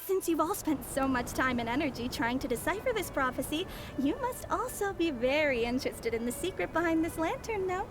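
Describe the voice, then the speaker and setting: A woman's voice: high-pitched, animated, a little fast, hardly any pauses, over music. A woman voicing a poised, formal young messenger in a video game. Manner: formal, polite.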